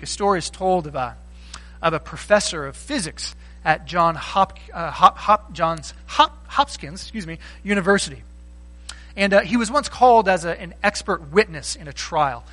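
A man's voice: high-pitched, expressive, normal speed, a bit bright, low-quality recording. A man preaching a sermon in a conversational way, acting out the voices he quotes. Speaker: pastor.

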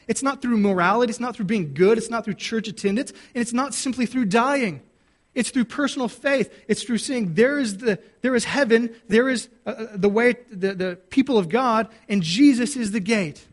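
A male pastor with a fairly high voice preaches a sermon to his church. He keeps it conversational, tossing questions to the congregation and answering them himself, and often restarts his sentences. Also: moderate pace.

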